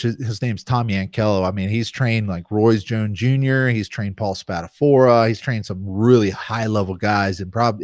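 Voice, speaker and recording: A man on a podcast, a former fighter telling his story in a casual, animated way and acting out the voices of people he quotes. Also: lowish voice, no echo, studio quality.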